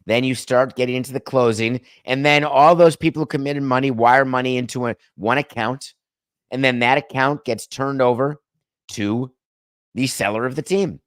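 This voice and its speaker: A man's voice: moderate pace, fairly bright tone, no room sound, clean studio sound. A man hosting a solo sports talk show, chatty and wry, drifting between topics and lifting his voice for emphasis. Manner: chatty, wry and digressive, with sudden lifts in pitch for emphasis. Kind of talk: solo sports podcast monologue.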